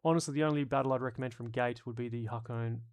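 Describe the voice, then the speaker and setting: A man with a gravelly edge to his voice, talking through a casual live stream at a middling pitch. He reads out viewer comments and riffs on them, joking and swearing as he rambles along. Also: steady tone, fast, darkish tone. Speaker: streamer host.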